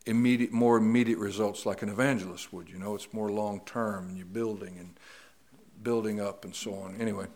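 A middle-aged man preaching a sermon, slow and deliberate, rising to emphatic stress on key words. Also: lowish voice.

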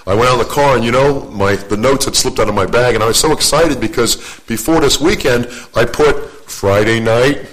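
On a low-quality recording, an older guest preacher with a medium-pitched, fairly bright voice tells homespun stories from the pulpit. He jokes about himself and tends to repeat and restart his phrases.

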